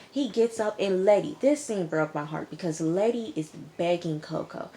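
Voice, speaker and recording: A woman with a lowish, animated voice recaps a TV episode slowly and chattily. She often talks back to the characters, throwing in mock quotes.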